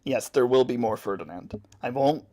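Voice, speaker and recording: Man streamer, mid-pitched, easygoing live chat delivery. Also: moderate pace. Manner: relaxed, chatty, laughs between answers. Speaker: streamer drawing and answering chat.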